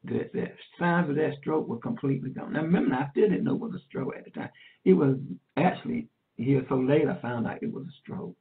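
A woman evangelist teaching a sermon in an earnest, repetitive way, warmly calling her listener "dear heart". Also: low voice, a little fast. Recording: tinny phone line.

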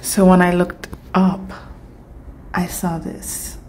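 A woman's voice: lowish voice, level tone, takes it slowly, warm tone, slight background noise. A young woman vlogging casually to her phone camera, chatty and emotional, talking straight to her viewers. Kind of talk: casual vlog talk to camera.

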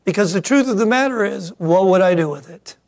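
A middle-aged man from Michigan preaching a sermon as pastor, swinging from quiet asides to loud emphatic peaks. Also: sits high, lively intonation, a little fast. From Michigan, USA.

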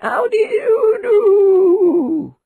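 A woman voicing a hungry horse with a shrill, drawn-out neighing shout. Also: very animated, narrow, tinny audio, heavily acted. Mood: greedy. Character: huge shrieking hungry horse.

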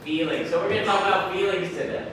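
A woman's voice: medium pitch, a little hiss or hum. A woman teaching a kindergarten class, asking the children encouraging questions. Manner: slow, lively, encouraging questions. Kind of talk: classroom lesson for young children. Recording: echoey classroom, mic far off, faint music.

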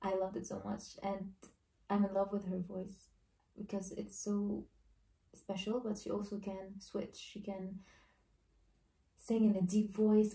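A woman's voice: mid-range voice, mellow, far from the mic. Gushing woman reacting, echoey and off-mic. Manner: gushing, exclamatory, loose informal phrasing. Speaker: reaction video host. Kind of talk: casual music video reaction.

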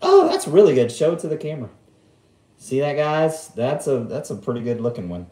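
A woman's voice: sits low, big pitch swings, fairly quick, mellow, echoey room. A woman hosting a casual home cooking vlog in a kitchen, playful and teasing, laughing often while giving step-by-step instructions. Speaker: vlog host cooking with a child.

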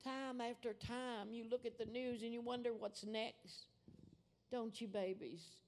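Fervent older woman preacher, gravelly. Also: a little high, steady tone, a little slow. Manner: fervent, calls listeners sweetheart and babies. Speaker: guest preacher. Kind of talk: sermon testimony.

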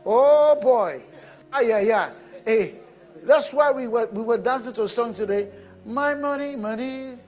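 A man preaching a sermon, animated and bursting into shouts. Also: very high voice, measured pace, faint music behind. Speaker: pastor.

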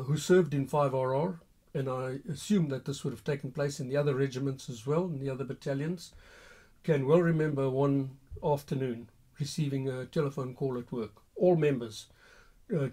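An older man, an army veteran answering viewers' questions with an unhurried, hesitant spoken reminiscence. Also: on the high side, dark tone. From Rhodesia. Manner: unhurried, hesitant, with frequent pauses.

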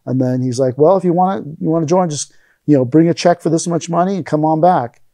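A middle-aged man tells rambling stories in a casual interview, slipping into the voices of the people he quotes. His voice sits a little high for a man but sounds mellow and warm. The sound is dry and close. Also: fast, no room sound. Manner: rambling anecdotes, acts out quoted lines. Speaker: interview guest, aikido teacher.

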